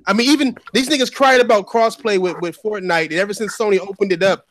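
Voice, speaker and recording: A man hosting a casual podcast chat, animated and slangy, repeating himself as he talks. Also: high voice, quick pace, dry recording. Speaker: podcast host.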